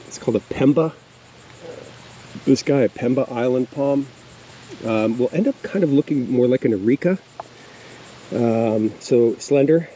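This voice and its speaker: A man with a medium-pitched, warm voice casually rambles through a walking tour of his backyard garden outdoors, often hesitating with fillers. The audio is poor and carries faint insect noise.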